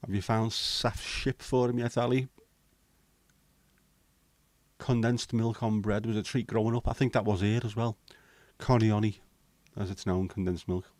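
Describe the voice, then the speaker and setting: Chatty man, low voice. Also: fairly even intonation, unhurried, darkish tone, no room sound. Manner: chatty, swears casually, banters with viewers. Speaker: livestream host. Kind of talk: casual chat reading viewer comments.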